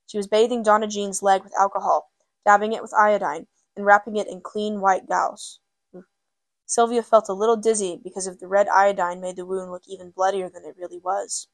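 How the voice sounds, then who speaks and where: A woman narrating a novel in a measured, steady way, in audiobook style. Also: mid-range voice, no room sound.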